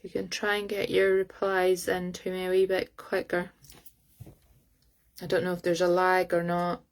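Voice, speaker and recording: A woman giving a live-streamed psychic reading over her phone, talking in a halting way as she searches aloud for words. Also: on the low side, monotone. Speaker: psychic medium.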